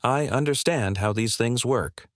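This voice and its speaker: A male narrator reading the lines of a calm, gentle mother pleading for her ill son. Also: medium pitch, measured pace, no echo, clean studio sound, close to an everyday voice. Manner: calm and polite.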